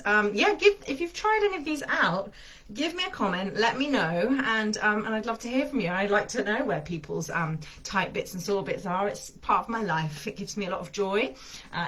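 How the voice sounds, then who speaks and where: Breathy, chatty woman teaching massage. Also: mid-range voice, a bit bright. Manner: chatty, enthusiastic, thinking aloud with fillers. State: slightly out of breath. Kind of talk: casual demonstration lesson.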